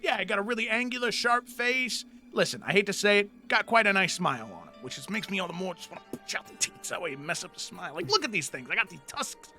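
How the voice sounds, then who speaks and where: A man's voice: high voice, lively intonation, fast talker, hardly any pauses, sharp tone, faint music behind, heavily acted. A man voicing a boisterous tusked male brawler who swears, teases and laughs a lot. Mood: scornful.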